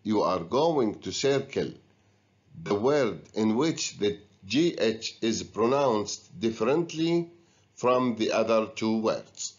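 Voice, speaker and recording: A male teacher walks students through a grammar and pronunciation lesson in a slow, patient way. His voice sits a little low. The recording sounds dull and lo-fi. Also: animated. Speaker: English teacher.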